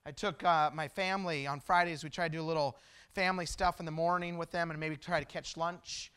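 High bright-voiced preacher. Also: male voice, fairly even intonation, fairly quick, smooth. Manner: storytelling preacher, swings from loud emphasis to hushed solemn tones. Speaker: pastor. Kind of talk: sermon.

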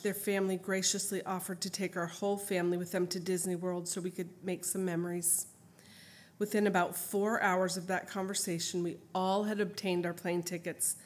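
Mother telling her family story. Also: lowish voice. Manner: earnest, emotional storytelling. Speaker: mother sharing her testimony. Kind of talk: reading a memoir aloud, then telling a story off-script.

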